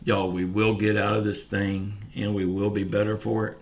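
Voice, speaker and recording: Vlog host, male, Southern US accent, low pitch, folksy and plainspoken, some words slurred. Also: little pitch movement, moderate pace. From Pensacola, Florida, US. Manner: folksy, earnest, keeps saying y'all. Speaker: channel host. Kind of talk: casual direct-to-camera update.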